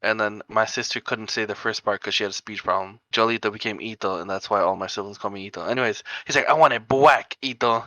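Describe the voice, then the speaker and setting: Fast and with few pauses, this young co-host of a laid-back podcast tells meandering stories, leaning heavily on "like" and breaking into frequent laughter. His voice is lowish with a sharp tone, there's no room sound, and the high frequencies are cut off.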